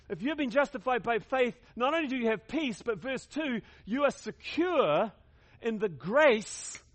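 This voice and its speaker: A man's voice: very high-pitched, fairly bright tone. A man preaching a sermon to his congregation, emphatic, repeating key words and leading them in call-and-response. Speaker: pastor.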